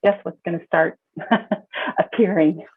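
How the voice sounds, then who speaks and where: A woman's voice: fairly low pitch, fairly even intonation, measured pace, breathy edge. A woman counselor speaking as a podcast guest in an emphatic, casual way, often repeating her words as she starts a thought. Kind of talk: casual conversational advice. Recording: tinny phone-like call audio.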